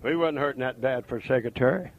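An older man preaching a fiery revival sermon, swinging from shouted, chanting runs down to low, muttered asides. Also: fast, phone-quality sound.

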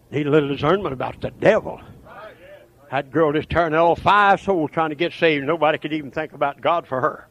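Man, revival preacher, folksy sermon, shouts then drops low, somewhat high voice. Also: brisk. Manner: swings from shouting to hushed, folksy.

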